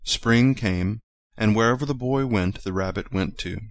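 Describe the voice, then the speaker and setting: Low-voiced man reading a storybook. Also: normal speed, no echo, studio quality. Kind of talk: storybook read-aloud.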